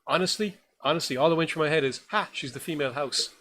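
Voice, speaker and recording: A man's voice: fairly high pitch, fast talker, bright, forceful tone, slight background noise. A man co-hosting a horror film podcast, reviewing a new film in casual, enthusiastic, rambling chat. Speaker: podcast co-host.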